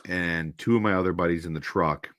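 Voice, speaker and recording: Deep-voiced man telling a rambling story. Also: fairly quick, no echo, clean studio sound. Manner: rambling, animated anecdote with quoted voices. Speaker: host. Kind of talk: casual storytelling on a stream.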